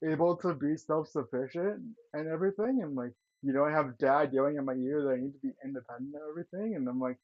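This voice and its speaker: A young man vents at length, swearing freely as he strings one grievance onto the next in loose, casual storytelling. His voice sits a bit high for a man. The sound is muffled and lo-fi. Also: quick pace, hardly any pauses. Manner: profane, aggrieved venting. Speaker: streamer. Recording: dull lo-fi sound.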